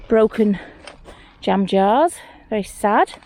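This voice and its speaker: A woman chats her way across an outdoor hillside. She talks half to herself and half to the viewer, and she gets easily excited over little things she spots. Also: mid-range voice, slow pace, a little hiss or hum. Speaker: mudlarking vlogger. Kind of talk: casual running commentary while searching. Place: outdoors on a hillside rubbish tip.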